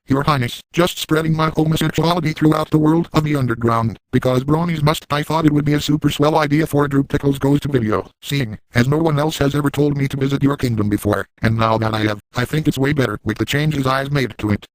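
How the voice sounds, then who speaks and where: A man's voice: fairly high pitch, fairly even intonation, fast talker, few pauses, no echo, close to an everyday voice, poor audio. A man voicing a crude, gleeful, boastful adult man in a comic parody, narrating in first person with a brash, over-the-top manner.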